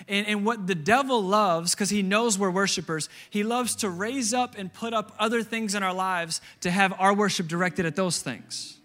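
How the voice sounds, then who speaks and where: A man's voice: sits high, normal speed, hardly any pauses, pushed and bright. Emphatic man preaching a sermon. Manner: emphatic, repeats phrases for stress. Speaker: pastor.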